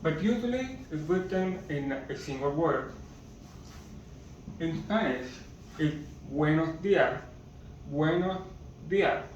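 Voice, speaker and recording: A man teaching a basic language lesson at a slow, patient pace and repeating each word, recorded from a distance so it sounds muffled. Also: a little high, animated, very echoey, a little hiss or hum. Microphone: camera or phone far from speaker.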